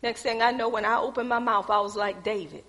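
A woman preaching a sermon, moving from soft storytelling to loud emphatic exhortation. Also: a little high, brisk, in a large hall. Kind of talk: sermon with personal testimony.

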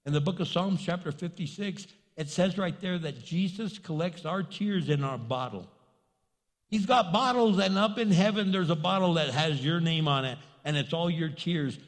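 Brief: male pastor, lively, chatty sermon, slightly high voice, long hall echo. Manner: conversational, animated, acts out quotes. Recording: long reverb in a large hall.

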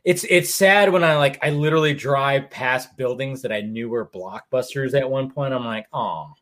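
A man hosting a casual stream chat, telling animated stories and leaping up in pitch when acting out quotes. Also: moderate pace. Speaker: stream host.

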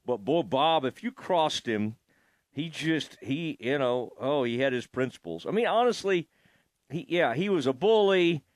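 A man's voice: fairly high pitch, expressive, a little slow, no echo, studio quality. A man hosting a sports talk show, asking questions casually and thinking aloud. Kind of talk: casual interview chat.

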